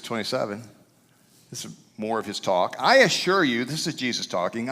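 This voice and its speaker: A man preaching a sermon as pastor, animated, shouting some phrases for emphasis and dropping to a hush on others. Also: medium pitch. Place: church sanctuary. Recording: long hall reverb.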